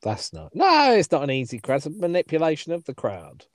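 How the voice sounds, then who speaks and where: A man's voice: a little high, wildly swooping pitch, a little fast. A man co-hosting a podcast, chatting casually, asking questions and teasing his friend. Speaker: podcast co-host. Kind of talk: casual chat.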